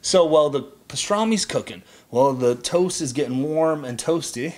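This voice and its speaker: A man's voice: fairly high pitch, expressive, moderate pace. A man hosting a casual cooking show in a home kitchen, chatty and jokey as he gives step-by-step instructions.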